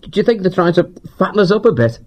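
A man's voice: fairly high pitch, very animated, a little slow, breathy edge, lo-fi sound, voice pushed up, exaggerated voice. A man voicing a good-humored male hedgehog in a storybook reading. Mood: easygoing.

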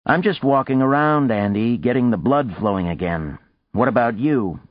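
A man's voice: mid-range voice, expressive, moderate pace, no echo, pitched above the performer's own voice, close to an everyday voice. A man reading a blunt, lecturing male politician in a dry, dull lo-fi audiobook recording. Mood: needling. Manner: forceful, lecturing.

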